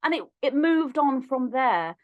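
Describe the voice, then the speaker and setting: Animated woman telling her story. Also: high voice, unhurried, dry recording, narrow, tinny audio. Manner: animated, acts out remembered dialogue with lively shifts in voice. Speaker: podcast guest. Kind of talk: personal storytelling in a podcast interview.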